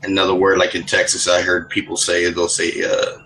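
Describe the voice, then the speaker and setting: A man's voice: sits low, completely flat delivery, brisk, sharp tone, slight background noise, low-quality recording. A man chatting casually in an online voice lobby, rambling through stories with many restarts. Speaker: voice chat participant.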